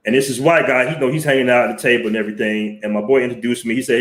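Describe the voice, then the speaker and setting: A Southern US man hosts a blunt, profane, chatty live stream, telling stories over a headset mic while wearing headphones. His mid-range voice is fairly even in intonation and very fast, and the sound is roomy.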